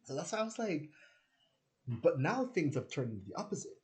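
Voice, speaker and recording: A spiritual vlogger with a high, very animated, slightly mellow voice talks briskly in a casual, rambling monologue. He swears freely, uses frequent fillers and acts out quoted conversations in different voices.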